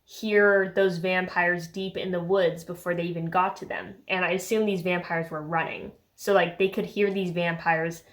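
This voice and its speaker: A woman's voice: fairly low pitch, flat delivery, moderate pace, few pauses. A young woman vlogging about a book she read, chatty and sarcastic, full of filler words. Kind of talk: casual chat.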